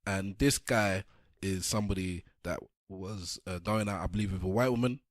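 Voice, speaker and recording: A man's voice: low voice, moderate pace, no room sound, clean studio sound. A man hosting a podcast, chatting casually and acting out voices as he tells stories. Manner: animated storytelling, acting out voices. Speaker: podcast host. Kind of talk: casual chat.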